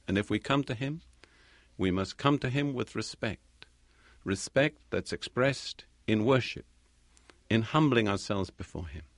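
Man, preacher, sermon talk, deliberate and measured, mid-pitched voice, dry close recording. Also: dry recording. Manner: measured, slow, deliberate delivery with repeated phrases.

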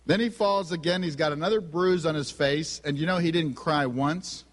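A middle-aged man preaching with a slightly raised pitch, spinning humorous family anecdotes and voicing the people in them. His voice carries a long reverb, as if recorded in a large hall. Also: normal speed. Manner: humorous storytelling, acts out family dialogue. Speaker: speaker on family and spiritual gifts. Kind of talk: sermon with personal stories.

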